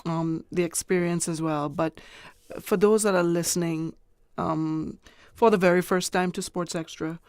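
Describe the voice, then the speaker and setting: A host of a radio sports show asking guests questions with quick friendly affirmations. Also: mid-range voice, steady tone, smooth, no room sound, studio quality. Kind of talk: radio interview.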